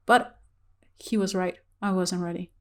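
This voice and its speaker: A woman's voice: fairly low pitch, fairly even intonation, unhurried. A woman vlogger casually telling a personal spiritual story to the camera, candid and chatty, with frequent fillers and laughs.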